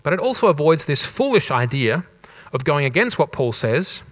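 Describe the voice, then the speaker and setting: A man's voice: a little high, big pitch swings, unhurried, pauses often, a bit bright. Aussie pastor guy preaching, accent mostly worn off, chatty, keeps restarting sentences. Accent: mild Australian, softened toward neutral English. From Australia. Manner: conversational preaching with repeated rhetorical questions and restarts. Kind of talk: sermon. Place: church in Germany.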